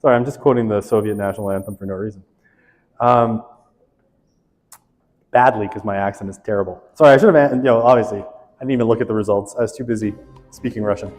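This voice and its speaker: A man's voice: lowish voice, steady tone, quick pace, pauses often, a little mellow. A man leads a class through a quiz, reading each question and its options aloud. He talks in a casual, joking way. His voice carries a long echo, with faint music underneath. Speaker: instructor. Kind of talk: lecture quiz review.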